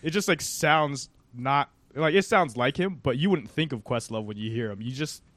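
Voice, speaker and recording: A man's voice: mid-range voice, normal speed, fairly bright tone, no echo. Earnest young man, dry close sound. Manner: earnest, many "like" fillers. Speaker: podcast co-host. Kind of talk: casual chat.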